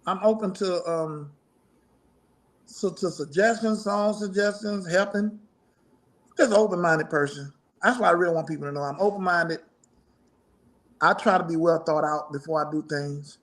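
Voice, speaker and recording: A man's voice: high voice, moderate pace, long pauses, a bit bright. A middle-aged man, a musician guest in a casual interview, talking in a rambling, profane way and laughing often.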